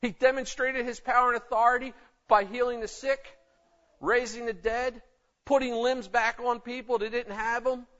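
High-voiced emphatic preacher. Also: male voice, level tone, moderate pace, sharp tone. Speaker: pastor. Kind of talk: sermon. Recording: dull lo-fi recording.

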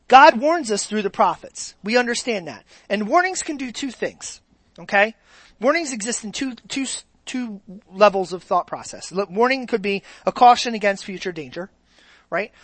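A woman's voice: fairly high pitch, no room sound. A woman preaching a sermon in a conversational way, often checking in with the congregation. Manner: conversational, keeps checking in with the audience.

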